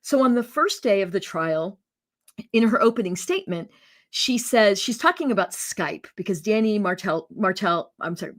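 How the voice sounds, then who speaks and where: Animated incredulous woman guest. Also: lowish voice. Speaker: guest commentator. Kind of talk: casual interview chat.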